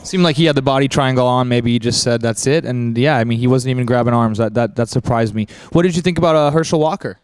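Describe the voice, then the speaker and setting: A man asks quick, direct interview questions in a crisp, clear voice. His delivery is fast and very dry, as if close to the mic. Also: mid-range voice, dry recording.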